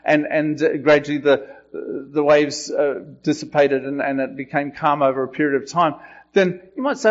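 A man preaching a sermon with slow, emphatic delivery, his voice rising when he quotes. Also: mid-range voice, dull audio. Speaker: pastor.

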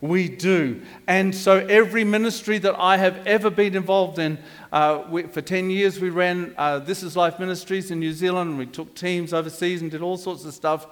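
An older male pastor delivers a sermon, his voice pitched notably high for a man. He rambles, drifts into side stories and trips over restarts. The sound rings with long reverb in the church hall. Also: fairly even intonation, moderate pace. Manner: rambling, digressive, with frequent restarts.

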